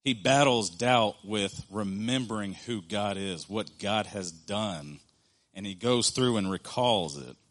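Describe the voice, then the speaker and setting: A man in his thirties preaching a sermon in an earnest, conversational way, slowing down with pauses to stress a point. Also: fairly low pitch, a bit bright.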